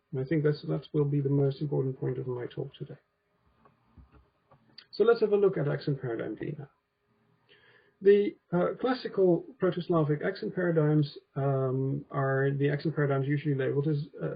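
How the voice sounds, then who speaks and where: Dutch guy lecturing over a video call, husky gravelly voice, lots of ums. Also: fairly high pitch, dull audio. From Netherlands. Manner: measured, frequent ums and "right?" checks. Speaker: conference speaker, linguist. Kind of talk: academic lecture.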